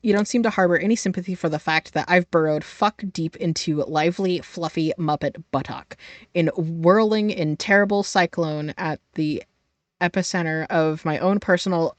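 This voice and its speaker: A woman's voice: on the low side, normal speed, no room sound. A young adult woman streaming a game live, reading its text aloud in a profane, playful way.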